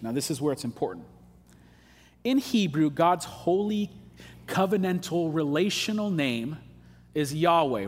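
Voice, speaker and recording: A pastor preaching a sermon in a casual, emphatic way, dropping slang asides as he explains scripture. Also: fairly high pitch. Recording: long hall reverb.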